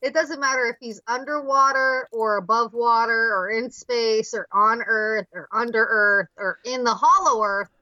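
A woman's voice: fairly high pitch, measured pace, pushed and bright, no echo, muffled recording. A woman co-hosting a podcast in casual chat, a giggly storyteller who leans on filler words. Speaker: podcast co-host.

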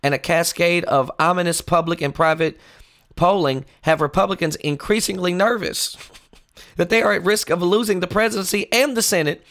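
Animated high-voiced male political commentator. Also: moderate pace. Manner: animated, mocking, swings from loud outbursts to low earnest tones. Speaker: talk show host.

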